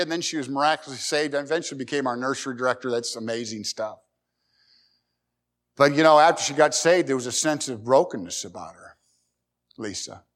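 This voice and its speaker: A middle-aged man preaching a sermon, folksy and emphatic, climbing to loud high peaks and repeating words. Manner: emphatic, rising loud at key points. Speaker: pastor.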